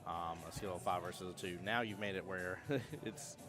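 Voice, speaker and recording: Excitable low-voiced male co-commentator. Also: moderate pace, music in the background. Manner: excitable, breaks down standings. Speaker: co-commentator giving scores. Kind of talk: live tournament commentary. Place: pool hall.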